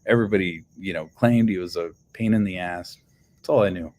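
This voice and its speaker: A man's voice: low voice, a little fast, darkish tone. A man casually telling a long personal story, rambling with lots of fillers and swearing. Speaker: channel host.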